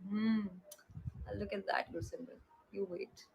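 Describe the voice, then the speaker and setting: A woman's voice: medium pitch, animated, a little slow, vocal fry, husky, rough recording. A young woman hosting a live stream, chatting affectionately with viewers and greeting them by name.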